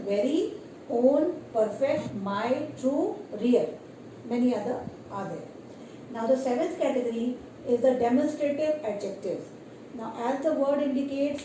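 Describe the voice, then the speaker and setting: A woman teacher, explaining grammar slowly and often checking in with "right?". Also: sits high, mellow, slight background noise. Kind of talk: classroom grammar lesson. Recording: echoey room, mic at a distance.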